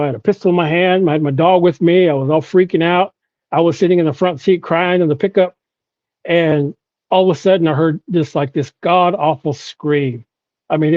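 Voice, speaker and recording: A man's voice: fairly high pitch, a little mellow, no echo, lo-fi sound. A man from Oklahoma, a podcast guest, telling a personal story with frequent "you know" and restarts.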